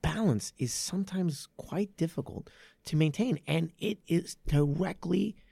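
A man who runs a martial arts academy, talking casually on a podcast with lively stress and frequent restarts. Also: fairly high pitch, measured pace, creaky, slightly rough, no room sound. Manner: animated, with many restarts and stressed phrases.

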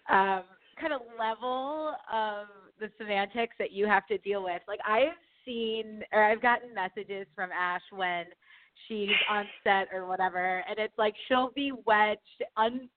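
A woman hosting a radio chat asks her guest questions in a playful, teasing way. Her voice sits a little high and comes through thin and phone-like. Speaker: radio host. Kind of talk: casual chat interview. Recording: tinny phone-like sound.

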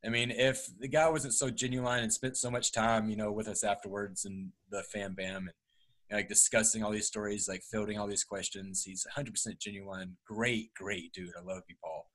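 A man's voice: lowish voice, fairly even intonation, moderate pace, a bit bright, rough recording. A man co-hosting a podcast in casual, enthusiastic banter. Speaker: podcast co-host.

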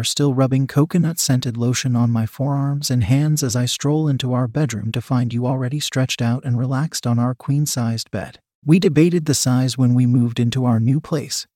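A man narrating a written story in an even, unhurried reading voice that speaks punctuation marks aloud. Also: mid-range voice, no room sound, clean studio sound.

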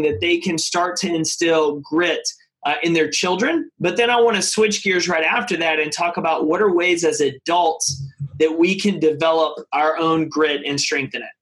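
A man's voice: fairly high pitch, normal speed, fairly bright tone. A man hosting an interview show, earnestly laying out ideas and setting up questions for his guest. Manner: earnest, thinks aloud with repeated words. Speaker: podcast host. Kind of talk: casual interview chat.

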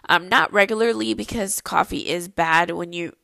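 A woman's voice: lowish voice, normal speed, gravelly, bright, forceful tone, no echo. A pregnant young woman chatting casually on her own podcast, rambling with lots of ums. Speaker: podcast host. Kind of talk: casual solo podcast chat.

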